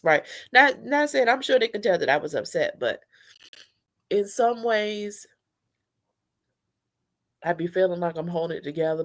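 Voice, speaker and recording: Tearful woman telling her story, AAVE. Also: on the low side. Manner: tearful, candid, talks to viewers as y'all. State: crying at times. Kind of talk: emotional personal storytelling.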